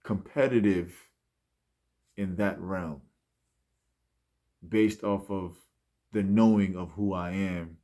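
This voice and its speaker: A man speaking in a rambling, reflective monologue, often restarting and trailing off softly. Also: sits low, steady tone, takes it slowly, pauses often. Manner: rambling, many fillers and restarts; soft-spoken, trailing off. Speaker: musician speaking about his mindset.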